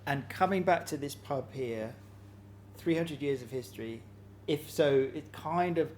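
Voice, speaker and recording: A man's voice: on the high side, measured pace, darkish tone, reverberant, slight background noise. A male interviewer who asks short, curious questions and restarts his words now and then. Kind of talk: conversational interview.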